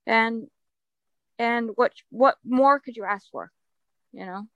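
A woman's voice: fairly high pitch, slow pace, no echo, lo-fi sound. A woman guest on a podcast, speaking in a heartfelt, emphatic way and repeating her points. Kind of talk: conversational interview.

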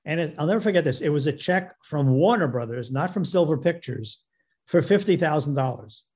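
A man, a film producer and director, telling a story as a guest and acting out both sides of phone calls in an animated way. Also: on the high side, fairly quick, husky. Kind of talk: storytelling anecdote.

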